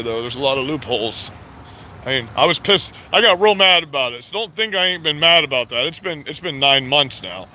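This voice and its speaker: A man's voice: medium pitch, bright, forceful tone, slight background noise. A middle-aged man from Florida, ranting bluntly and profanely in a casual vlog. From Florida, USA. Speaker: vlogger. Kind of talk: casual rant to camera.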